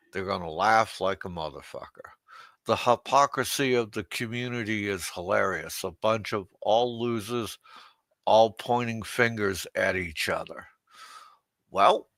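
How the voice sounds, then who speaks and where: A man's voice: lowish voice, gravelly, pushed and bright, no room sound. A man hosting an unscripted livestream rant, crude and mocking, laughing at his own jokes. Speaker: livestream host.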